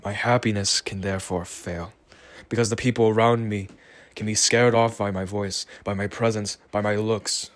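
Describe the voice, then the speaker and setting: A tired man talking slowly in a rambling, reflective solo monologue. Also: on the low side, fairly even intonation. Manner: slow, rambling, musing. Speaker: vlogger.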